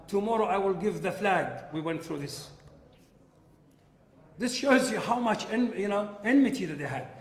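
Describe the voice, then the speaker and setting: A man giving an impassioned religious lecture that swells to near shouting at its peaks. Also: fairly high pitch. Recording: echoey hall with long reverb.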